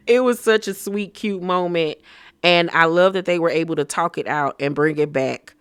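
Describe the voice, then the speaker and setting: A man giving a casual, gossipy recap of a reality TV episode, talking in an animated, slang-filled way. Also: on the high side, measured pace, clear, resonant tone, no echo, clean studio sound.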